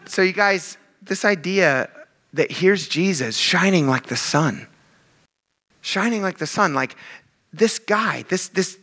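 A man preaching a casual, animated sermon to his congregation, acting out quick asides as he goes. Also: fairly high pitch. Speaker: pastor.

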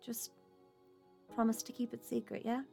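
Woman voicing a guarded young woman, soft-spoken. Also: fairly high pitch, monotone, normal speed, vocal fry, soft background music. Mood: quiet, confiding.

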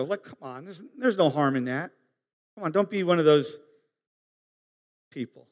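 A fairly high-voiced man delivers a sermon with earnest, halting phrasing. He climbs to emphatic peaks and drops to hushed asides. His voice rings with the long reverb of a big hall. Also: animated. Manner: earnest, pausing, rising to emphatic peaks and dropping low. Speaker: pastor.

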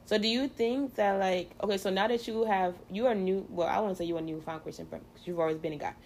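A woman's voice: mid-range voice, quick pace, darkish tone, slight background noise. A woman hosting a casual faith chat, talking in a chatty, playful way with many fillers. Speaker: podcast host.

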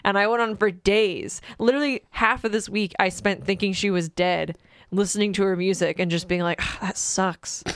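A woman's voice: mid-range voice, fairly even intonation, a little fast, clear, resonant tone, dry recording, studio quality. A young woman co-hosting a casual podcast, telling a story with lots of laughter and acted-out quotes. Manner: chatty storyteller, laughs often, acts out quotes. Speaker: podcast co-host. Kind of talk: casual chat.

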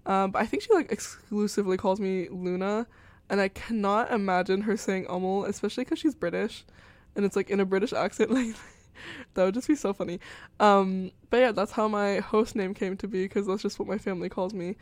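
A woman's voice: medium pitch, steady tone, brisk, no room sound. Young female college radio host, mid-range voice, loose chatty rambling with lots of fillers, close dry studio sound. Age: young adult. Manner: rambling, filler-heavy, giggly. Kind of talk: casual chat.

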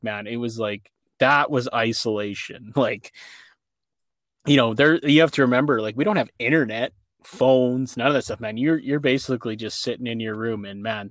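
A man's voice: medium pitch, dry recording, clean studio sound. Laughing man telling a childhood story. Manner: animated, laughing, frequent fillers. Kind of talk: casual storytelling chat.

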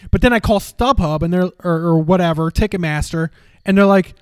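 A man on a podcast, telling a story in casual chat, animated and swearing, acting out the people he called. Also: high voice, brisk, clear, resonant tone, dry recording. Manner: animated, swearing, acts out phone calls. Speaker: podcast co-host.

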